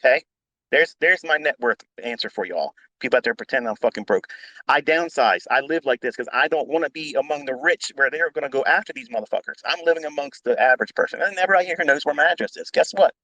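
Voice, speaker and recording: With a voice on the high side and fast delivery, a middle-aged trading educator hosts a live audio chat and goes on a blunt, profane, unscripted rant. He repeats himself and swings into loud outbursts; the audio is poor but has no echo.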